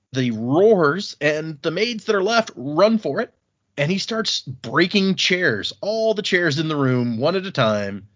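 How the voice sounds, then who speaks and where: A man co-hosting a podcast, casually recapping book chapters and paraphrasing the characters' lines in an animated way. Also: mid-range voice, dull audio. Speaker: podcast co-host.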